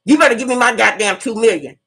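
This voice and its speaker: A woman's voice: fairly high pitch, quick pace, a bit bright, breathy edge. A middle-aged woman, hosting her own channel in a fiery, profane monologue that hammers points home by repeating them. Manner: fiery, preachy, profane, repeats herself for emphasis. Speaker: channel host. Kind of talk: impassioned monologue.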